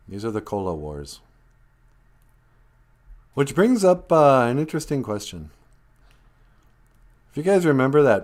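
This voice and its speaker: A man's voice: medium pitch, big pitch swings, moderate pace, long pauses, a little mellow. A man hosting a casual live stream, telling jokey stories with frequent chuckles and greeting viewers.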